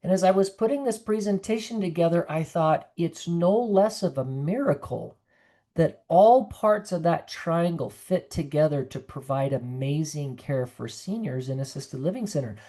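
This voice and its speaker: A woman's voice: low voice, expressive, normal speed, dark tone. A woman nurse practitioner giving an earnest, conversational online presentation to caregivers over a video call, sometimes acting out the voices of the people she quotes.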